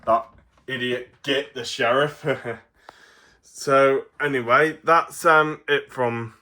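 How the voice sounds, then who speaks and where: A man's voice: mid-range voice, fairly even intonation, slow, pushed and bright. An English man with a cold giving a casual toy review, rambling with many fillers and frequent laughs. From England. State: has a cold.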